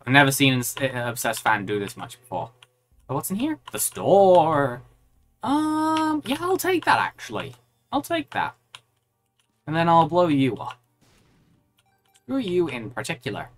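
Lively woman streamer narrating her game. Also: rumbling low, moderate pace, faint music behind. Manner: animated, reacts aloud and chats with viewers. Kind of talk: live gameplay commentary.

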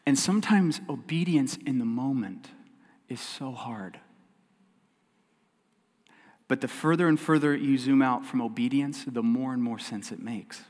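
A man preaching a sermon as pastor, earnest and emphatic, swinging between loud stresses and quiet passages and repeating key phrases. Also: medium pitch, measured pace, long pauses. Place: church sanctuary. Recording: long church hall reverb.

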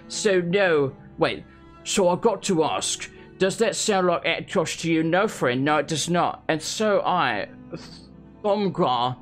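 A man reading an in-game book aloud in a put-on Essex accent, voicing a dim-witted, boastful male Nord author who lectures slowly and rambles. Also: fairly high pitch, a bit bright.

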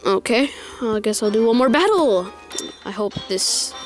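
Exasperated high-voiced woman commenting on gameplay. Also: expressive, unhurried, faint music behind. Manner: exasperated, repeating complaints aloud.

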